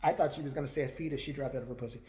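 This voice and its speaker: A man's voice: medium pitch, fairly even intonation, very fast, a little mellow, slight background noise. A male vlogger ranting crudely, mocking and laughing often as he talks. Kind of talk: profane rant commentary.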